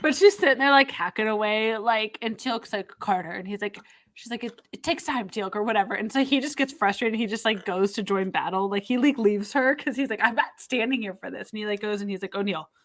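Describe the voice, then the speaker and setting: A woman co-hosting a podcast in lively casual chat, acting out characters' lines as she retells scenes. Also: mid-range voice, fairly quick. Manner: animated, acts out quotes, laughs often. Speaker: podcast co-host.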